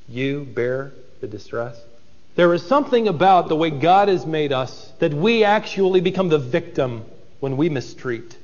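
A man's voice: a little high, a little mellow, in a large hall, lo-fi sound. A man preaching an expository sermon, dramatic and acting out the voices of biblical figures.

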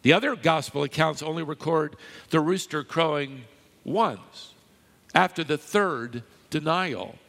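Male preacher, sermon, emphatic, teasing the congregation, slightly high voice, long reverb of a big hall. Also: unhurried, creaky, fairly bright tone. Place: large church hall with live audience.

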